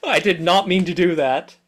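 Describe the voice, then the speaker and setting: A man's voice: sits high, takes it slowly, fairly bright tone. A man playing in a tabletop game, arguing in character and chatting casually. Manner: speaks in character as a defiant negotiator, then chats casually. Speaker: player.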